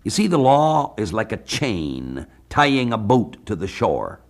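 A man from the United States preaching a sermon on a Bible passage, measured, slowing down to read scripture aloud. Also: on the low side, big pitch swings. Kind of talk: radio sermon, Bible exposition.

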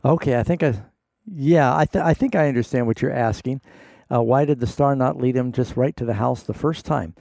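A pastor co-hosting a call-in Bible show, explaining verses patiently and reading them aloud with careful emphasis. His voice is gravelly and dark, recorded close and dry. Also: medium pitch, brisk, no echo. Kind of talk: call-in radio Bible answers.

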